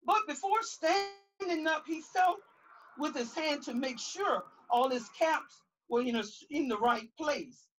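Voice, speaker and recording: Animated high-voiced woman reading aloud. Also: measured pace, poor audio. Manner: animated, asks children questions. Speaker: pastor reading to young children. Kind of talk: children's read-aloud. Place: outdoors.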